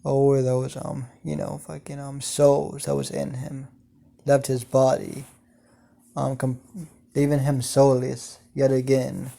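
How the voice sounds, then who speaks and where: A man narrating an improvised fan story, slow and halting with many ums and casual swearing. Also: mid-range voice, completely flat delivery, creaky, mellow.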